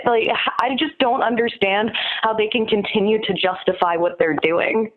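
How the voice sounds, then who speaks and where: A woman speaking over a tinny, phone-like remote line, her voice mid-pitched. She vents with heat and swears freely, her words tumbling out in a rush. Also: steady tone. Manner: heated, profane, fast-spoken venting. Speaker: podcast guest, union organizer. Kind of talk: casual interview chat.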